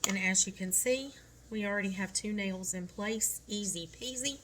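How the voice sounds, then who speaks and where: A woman's voice: mid-range voice, moderate pace, noisy background. A middle-aged woman talking through a nail tutorial step by step, chatty and reassuring.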